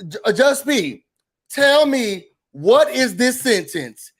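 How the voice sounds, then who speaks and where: Speaking slowly, a man with a high-pitched voice hosts a recap show that turns into a spirited rant. He sounds sassy and expressive throughout, mocking quotes by repeating them in a high voice.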